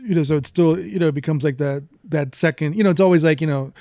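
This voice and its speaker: A man who is an art professor, a guest on a podcast, talking in a casual, halting way full of "you know.". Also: on the high side, a little mellow, dry recording, studio quality. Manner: halting, leans heavily on "you know" fillers. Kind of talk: casual interview talk.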